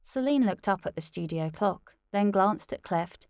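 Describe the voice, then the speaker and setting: Slow, gravelly woman reading a novel. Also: medium pitch, animated, a little mellow, no echo, studio quality. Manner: measured, deliberate reading. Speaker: narrator.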